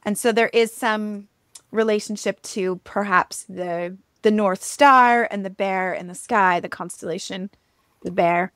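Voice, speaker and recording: A woman co-hosting a podcast, casually retelling a myth in a chatty, animated way, with frequent ums and likes. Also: medium pitch, a little slow, clean tone, no echo, studio quality. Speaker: podcast co-host. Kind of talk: casual storytelling chat.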